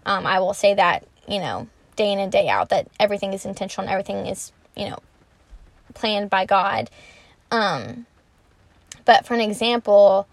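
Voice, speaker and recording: A woman's voice: mid-range voice, normal speed, no room sound. A young woman talking casually and earnestly about her Christian faith, chatty, with many fillers like "um" and "like". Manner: animated when retelling conversations. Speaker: Christian vlogger. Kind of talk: casual faith talk to camera.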